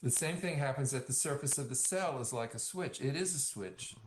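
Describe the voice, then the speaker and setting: Measured older-sounding explainer in a roomy echo. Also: male voice, medium pitch. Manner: measured, uses everyday analogies, slows on key points. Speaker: interview guest explaining science. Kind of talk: explanatory interview talk.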